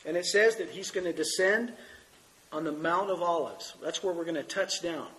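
Male pastor, middle-aged, earnest sermon reader, a bit high-pitched, has a cold. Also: poor audio. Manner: earnest, reads scripture aloud. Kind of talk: sermon teaching.

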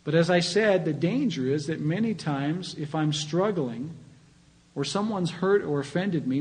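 Pastor, male, earnest conversational sermon delivery, voice a touch high. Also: rough recording. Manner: earnest, conversational preaching with rising emphasis.

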